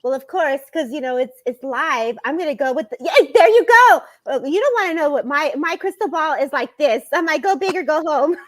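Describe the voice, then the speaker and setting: A woman's voice: sits high, animated, brisk, few pauses. A woman hosting a live stream, talking bubbly and laughing often. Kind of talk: casual chat on a live stream. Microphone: video call.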